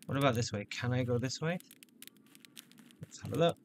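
A man's voice: medium pitch, animated, normal speed, creaky, slight background noise. A man giving playful, joking let's-play commentary on a shooter game. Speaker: gameplay commentator.

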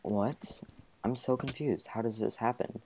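An excitable young man talks through a game in casual commentary, bursting into exclamations. His voice sits at a middle pitch, with a faint hiss of noise behind it. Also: measured pace. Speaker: gaming channel host.

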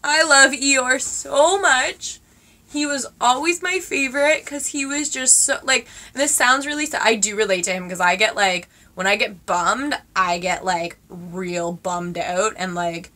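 A woman in her twenties chatting casually to her viewers as she unboxes gifts, gushing and excitable with lots of fillers. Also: medium pitch, moderate pace, few pauses. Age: 20s. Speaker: vlogger.

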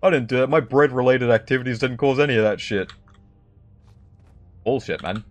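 A young man streams a game with loose, jokey chatter aimed at his viewers, looping back over the same phrases. His pitch sits in a middle range. Soft game music plays faintly behind him. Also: moderate pace, muffled recording. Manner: rambling, jokey, repeats himself, talks to chat. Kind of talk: casual gameplay commentary.

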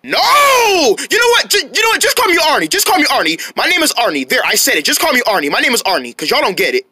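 A woman's voice: medium pitch, sing-song, very fast, bright, forceful tone, breathy edge, no echo, clean studio sound, pitched below the performer's own voice, full character voice. A woman voicing a small, stubborn teenage male elephant who keeps repeating himself in exasperation. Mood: exasperated.

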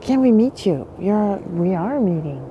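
A woman's voice: medium pitch, animated, measured pace, dark tone, slight background noise. A French-accented woman hosting an early-morning phone livestream outdoors, greeting viewers in French and English with a voice that is still sleepy. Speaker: livestream host. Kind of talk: casual live-stream chat. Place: outdoors on a windy seaside morning.

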